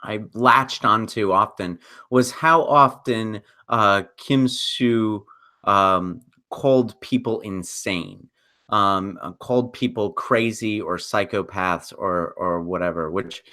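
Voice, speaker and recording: A man on a podcast panel talking thoughtfully, halting with many fillers and now and then sarcastic. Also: fairly low pitch, pushed and bright. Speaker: podcast co-host. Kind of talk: casual roundtable discussion.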